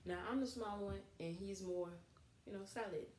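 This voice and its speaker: Animated woman in a roomy echo. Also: medium pitch, normal speed. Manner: animated storytelling, laughs often. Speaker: co-host of couple channel. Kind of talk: casual couple chat. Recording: echoey room with faint noise.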